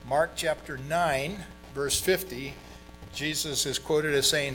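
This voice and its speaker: A man's voice: on the high side, steady tone, slow, fairly bright tone, faint music behind, rough recording. A middle-aged man who grew up in Brazil, preaching a sermon in a conversational way, with fillers and emphatic stresses. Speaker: pastor.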